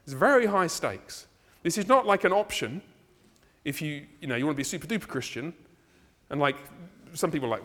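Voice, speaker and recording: A man preaching a sermon in a church, conversational and animated, with laughs and asides. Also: a little high, a little fast. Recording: reverberant hall.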